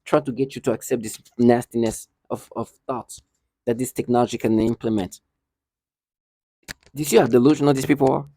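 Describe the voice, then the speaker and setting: Man, agitated ranting vlogger, darkish mellow voice, repeats and restarts a lot, dry sound. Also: medium pitch, no room sound. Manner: indignant, repetitive, frequent restarts and stumbles. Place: indoor building hallway.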